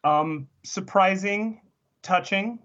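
A man chats on a podcast panel in a thoughtful, hesitant way, pausing to search for the right words. His recording sounds somewhat dull and lo-fi. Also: high voice, fairly bright tone. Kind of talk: casual podcast chat.

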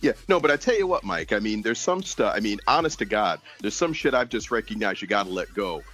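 A man's voice: fairly low pitch, big pitch swings, brisk, fairly bright tone. A man co-hosting a podcast, talking in a rambling, digressive way with many fillers. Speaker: podcast co-host. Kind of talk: casual chat.

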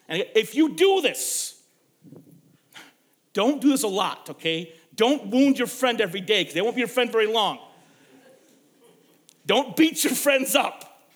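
A young man preaching a sermon, telling stories and swinging from loud emphasis to hushed, quiet lines. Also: high voice, very animated, unhurried, pauses often. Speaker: pastor.

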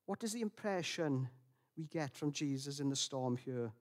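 A man preaching a sermon in a reflective, gentle way, with frequent restarts and fillers. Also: mid-range voice, animated, moderate pace.

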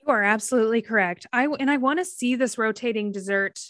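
A woman's voice: on the high side, fast, a bit bright, no echo. A woman speaks as a podcast guest, recorded close and dry with no room sound. She rambles through childhood stories with a loose, giggly delivery. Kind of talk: casual interview chat.

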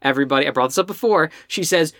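A woman's voice: low-pitched, very fast, no room sound, studio quality. A woman co-hosting a podcast, telling a movie plot in casual chat and acting out the characters' lines. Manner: animated storyteller, acts out quoted lines. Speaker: podcast co-host.

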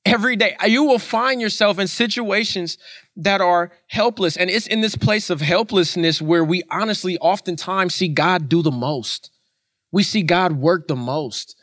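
Earnest preacher with a raised voice. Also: male voice, high voice, normal speed, fairly bright tone, dry recording, clean studio sound. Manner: earnest, emphatic repetition. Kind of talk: sermon.

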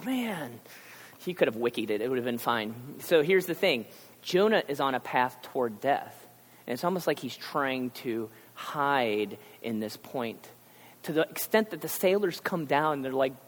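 A male pastor preaching a conversational sermon, acting out characters in quick asides. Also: medium pitch. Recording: long hall reverb.

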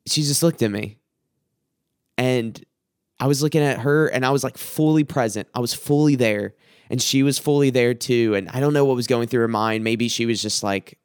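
A young man hosting a podcast, giving a reflective faith talk in an earnest, halting way, often repeating words as he tells a personal story. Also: mid-range voice, dry recording, clean studio sound. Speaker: podcast host.

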